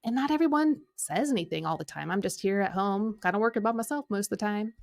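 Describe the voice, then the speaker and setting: A middle-aged woman speaks as a coaching podcast host. She tells her story with animated energy, slipping into the voices of people she quotes. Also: mid-range voice, quick pace, gravelly. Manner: animated, acts out quoted speech, filler-heavy. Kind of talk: coaching conversation, personal storytelling.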